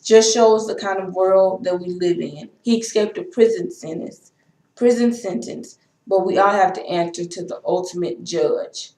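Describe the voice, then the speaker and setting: A young woman from Texas, speaks in a personal vlog. She talks in an impassioned, frustrated way and repeats herself. Her voice has a mid pitch and sounds echoey, as if recorded in a bare room. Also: normal speed, dark tone. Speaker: vlogger. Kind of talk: emotional personal vlog rant.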